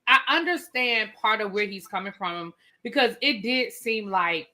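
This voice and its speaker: A woman hosting a casual reality TV recap, opinionated and animated, acting out what people said. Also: medium pitch, unhurried. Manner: animated, opinionated, acts out quotes. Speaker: recap show host.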